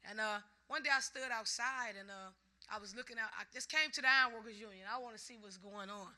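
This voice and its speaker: A middle-aged woman speaks to a conference crowd in a high, very bright voice. She tells her stories with lively energy, laughs often, and slips into the voices of people she quotes. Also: fast. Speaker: ironworker giving a conference speech. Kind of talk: speech to a live audience. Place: conference hall.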